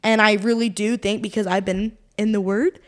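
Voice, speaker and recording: A woman's voice: mid-range voice, fairly even intonation, normal speed. A young woman, co-hosting a podcast and telling a long personal story in rambling, casual chat full of fillers and laughs. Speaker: podcast co-host.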